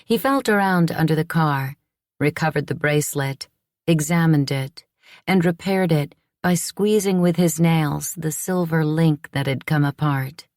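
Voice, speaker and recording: A woman narrating an audiobook in the first person, with a measured, reflective delivery. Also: sits low, darkish tone, no room sound, studio quality.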